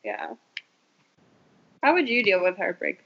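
A young woman co-hosting a casual chat podcast, playful and quick to giggle. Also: medium pitch, expressive, creaky, slightly rough. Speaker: podcast co-host. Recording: dull lo-fi audio.

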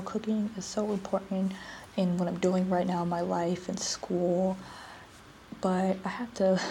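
A woman's voice: medium pitch, gravelly, warm tone, slight background noise, poor audio. A young woman hosting a casual solo podcast, chatty, with frequent restarts and the odd drop to a whisper. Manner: chatty, restarts often, drops to a whisper at times. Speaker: podcast host.

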